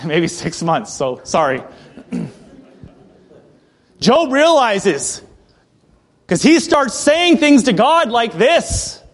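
Slow and full of long pauses, this adult male pastor's voice sits high and is very animated. He gives a conversational expository sermon, reading scripture aloud and breaking it down with casual side comments.

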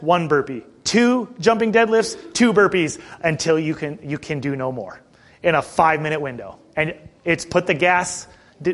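A middle-aged man preaching a sermon in a conversational way, asking the congregation questions and often clearing his throat. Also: fairly high pitch, fairly bright tone. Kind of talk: sermon with personal story.

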